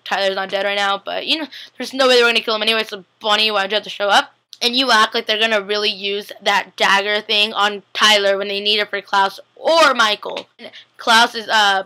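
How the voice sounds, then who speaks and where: A young woman vlogger casually recapping a TV episode, chatty and giggly, acting out the characters' lines in quick voices. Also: medium pitch, pushed and bright, low-quality recording. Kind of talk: casual chat.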